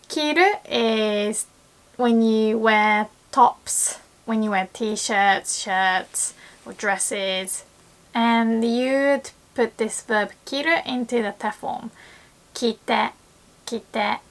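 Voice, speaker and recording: A young woman teaching a lesson, often laughing and acting out quoted lines in a lively way. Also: fairly high pitch, slow. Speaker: Japanese language teacher. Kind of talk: online language lesson.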